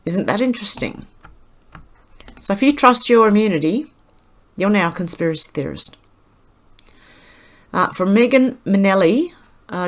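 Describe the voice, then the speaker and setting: A woman's voice: medium pitch, animated. A woman with an Australian accent, hosting her channel and reading out posts in casual, rambling commentary full of fillers and restarts. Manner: rambling, halting, with many fillers.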